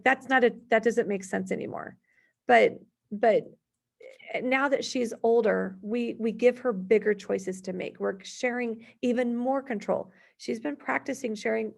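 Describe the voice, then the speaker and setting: Woman in her 30s, parenting workshop host, slightly high, husky voice, chatty storyteller. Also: steady tone, normal speed. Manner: chatty, storytelling, gives worded examples. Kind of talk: conversational workshop presentation.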